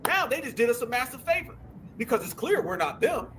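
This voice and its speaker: A man hosting a political commentary show, talking in an animated, sarcastic, slangy way. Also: extremely high pitch, brisk, slight background noise. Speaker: host.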